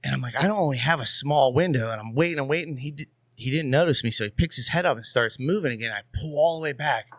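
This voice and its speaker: A man who is a podcast guest, telling a story in a casual, animated way. He swears freely and keeps saying "you know what I mean.". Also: mid-range voice, fast, few pauses, no echo.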